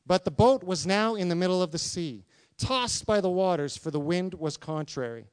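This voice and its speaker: A man with a high, crisp voice preaches a sermon. He reads scripture and keeps asking his listeners questions, acting out the quotes with animated emphasis. The sound is close and dry. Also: normal speed, dry recording. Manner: animated, talks to congregation with questions, acts out quotes. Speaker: pastor.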